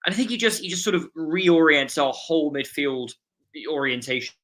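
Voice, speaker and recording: Man, bright forceful tone, podcast pundit, rambling thoughtful analysis, frequent ums and restarts. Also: fairly high pitch, lively intonation, normal speed. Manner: thoughtful, many fillers and restarts. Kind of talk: casual football discussion.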